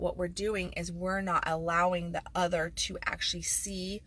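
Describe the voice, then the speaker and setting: A woman's voice: on the low side, flat delivery, normal speed, sharp tone. A woman life coach talking frankly and emphatically in a casual video monologue, with sarcastic asides.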